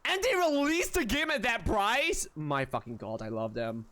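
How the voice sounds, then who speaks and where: A man live-streaming a game, chatting casually with his viewers in an excitable, animated way and swearing freely. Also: high voice, moderate pace.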